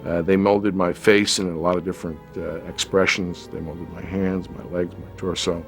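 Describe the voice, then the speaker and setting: Deep-voiced man reminiscing about a film shoot. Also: flat delivery. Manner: reflective, measured with hesitant restarts. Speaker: actor. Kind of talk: interview recollection. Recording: light music underneath.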